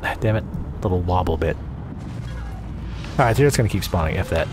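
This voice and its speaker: Faint music plays behind a low, slightly mellow, animated voice moving briskly. It belongs to a Southern-accented man from the American South doing casual, profane, sarcastic game commentary on a desk mic at home, wandering into asides.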